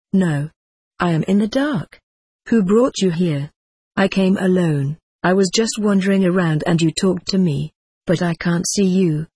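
A woman reads aloud in a lowish, slightly husky voice, recorded close and dry. Her delivery is plain and steady, and she even speaks the punctuation and section numbers. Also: no echo. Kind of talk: audiobook reading.

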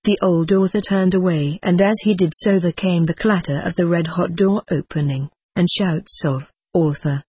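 A narrator reads a humorous tale with wry, dry humor. The voice is husky and sits at a middle pitch, and the recording is close and dry. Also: moderate pace, hardly any pauses, a little mellow, dry recording.

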